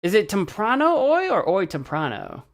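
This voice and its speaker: A man's voice: high-pitched, wildly swooping pitch, moderate pace. An American man streaming, chatting casually as he practices a language app, thinking aloud and second-guessing himself.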